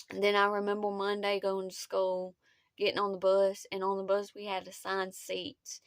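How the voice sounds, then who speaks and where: A young woman, telling a personal story in a halting, emotional way with many pauses. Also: medium pitch, a bit bright, no echo. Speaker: vlogger.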